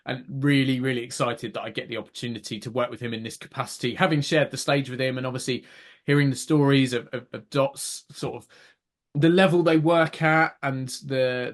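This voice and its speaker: A man hosting a podcast, chatting effusively with small stumbles over words. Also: medium pitch. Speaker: podcast host. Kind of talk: casual chat.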